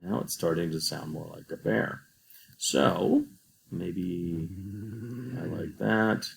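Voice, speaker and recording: A man's voice: low-pitched, takes it slowly, vocal fry, low-quality recording. A man teaching a coding tutorial over a screen recording, patient and explaining each step.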